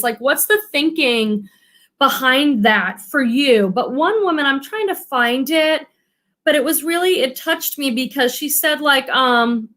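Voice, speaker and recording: A woman's voice: high voice, lively intonation, unhurried, a bit bright. A woman who resells thrifted goods online, chatting casually on a livestream and reading viewer comments aloud.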